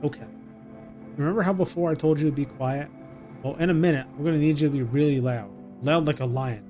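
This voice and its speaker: A man voicing a frightened young mother who talks to her little son in a hushed, soothing way, reading game dialogue aloud. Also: fairly high pitch, brisk, faint music behind, close to an everyday voice. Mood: hushed, coaxing. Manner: hushed and soothing, coaxing a child.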